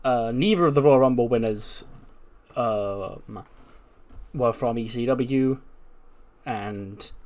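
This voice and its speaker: A man's voice: medium pitch, takes it slowly, long pauses, a little mellow. A man casually narrating and recapping his wrestling simulation game run with lots of fillers. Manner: casual, chatty, many fillers.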